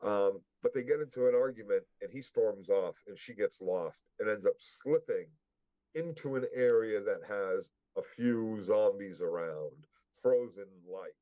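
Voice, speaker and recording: A man's voice: fairly low pitch, a little slow, dark tone, no echo, low-quality recording. A man co-hosting a casual recap chat, rambling and blunt, with heavy swearing. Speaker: podcast co-host.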